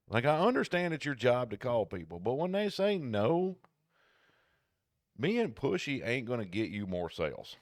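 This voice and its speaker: A man's voice: mid-range voice, big pitch swings, moderate pace, dry recording, studio quality. A man co-hosting a casual podcast, rambling through stories and acting out the callers in them. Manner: rambling storyteller, acts out callers' voices. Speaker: podcast co-host. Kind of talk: casual chat.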